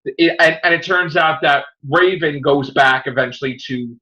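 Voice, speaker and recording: A man hosting a casual review podcast, rambling through an animated retelling of a plot. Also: a little high, moderate pace, muffled recording. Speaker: podcast host.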